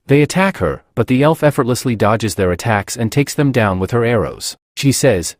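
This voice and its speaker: A man's voice: medium pitch, big pitch swings, moderate pace, hardly any pauses, darkish tone, no room sound, clean studio sound. A man narrating a comic recap, reading every character's lines in his own voice.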